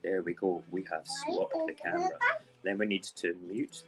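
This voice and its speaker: A man's voice: low-pitched, wildly swooping pitch, normal speed, loud music behind the voice. A man hosting a casual morning live stream, chatting loosely to viewers and rambling through stories while making breakfast.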